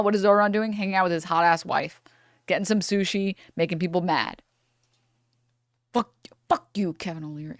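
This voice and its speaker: A woman's voice: fairly low pitch, no echo, studio quality. A young woman streamer ranting angrily in a profane reaction commentary, breaking into laughter between outbursts.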